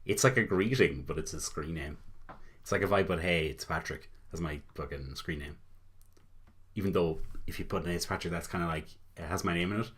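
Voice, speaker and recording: A man's voice: low-pitched, fairly quick, fairly bright tone, husky. A young Irish man hosting a reaction video, rambling casually with lots of laughs and the odd swear. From Ireland.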